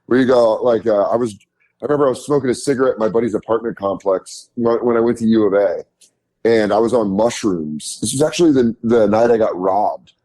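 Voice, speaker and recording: A man's voice: lowish voice, brisk, dark tone. A man from Colorado, a guest comedian in casual podcast chat, rambling through stories, acting out voices and swearing freely. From Aurora, Colorado, USA.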